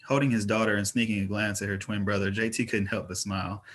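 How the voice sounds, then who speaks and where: Lowish male audiobook narrator. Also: fairly even intonation, fast talker, fairly bright tone. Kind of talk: audiobook reading of fantasy fiction.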